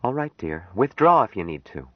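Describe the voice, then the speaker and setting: A man reading an audiobook, voicing an anxious, tender young woman in a lifted, soft, worried voice. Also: medium pitch, very animated, normal speed, no echo, voice pushed up. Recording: dry, dull lo-fi audiobook recording.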